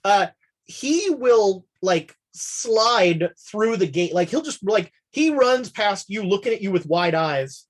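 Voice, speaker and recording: A woman running a tabletop horror game as game master, narrating in a relaxed, halting way with many fillers. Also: medium pitch.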